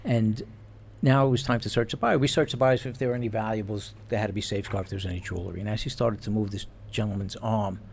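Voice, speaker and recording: Man, former cop, casual storytelling, animated, low pitch, faint noise. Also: fast, creaky, few pauses. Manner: animated, laughs while telling. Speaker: retired police officer.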